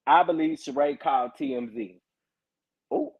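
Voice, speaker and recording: A man hosting a casual livestream, reading viewer comments and chatting, animated, laughing often and repeating his phrases with drawn-out exclamations. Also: a little high, husky. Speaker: livestream host. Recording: tinny phone-like audio.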